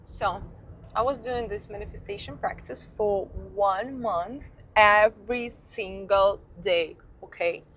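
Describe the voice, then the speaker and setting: A young woman vlogger with a medium-pitched voice speaks slowly over background noise, telling a storytime tale to her phone camera as she drives her car. She's candid, swears freely, and laughs at herself.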